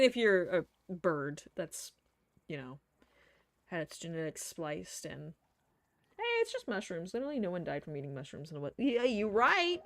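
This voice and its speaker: A woman streamer chatting through live gameplay, laughing often, swearing freely and muttering to herself. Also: fairly low pitch. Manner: frequent laughter.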